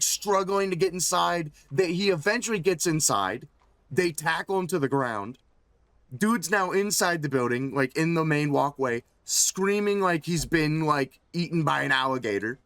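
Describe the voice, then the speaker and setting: A man's voice: sits high, fairly bright tone, dry recording. A male streamer telling a casual, rambling story full of swearing and fillers. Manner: rambling, profane, lots of fillers.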